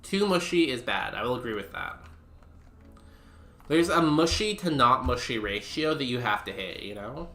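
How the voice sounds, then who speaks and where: A man's voice: mid-range voice, expressive, moderate pace, bright, forceful tone, roomy sound. A young man streaming a game and chatting casually with his viewers, rambling with lots of fillers. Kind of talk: casual live-stream commentary.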